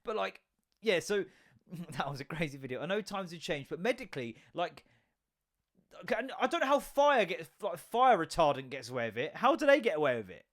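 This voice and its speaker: Young man, podcast host, rambling, jokey, sweary, slightly high voice. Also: sing-song, brisk. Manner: rambling, jokey and sweary, with sudden loud bursts. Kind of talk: casual solo podcast rant.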